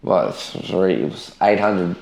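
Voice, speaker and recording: A man's voice: low-pitched, big pitch swings, drawn-out words, gravelly, a little mellow, echoey room. A young man hosting a casual interview, laid-back and backing up his guest with short "yeah"s. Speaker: podcast host.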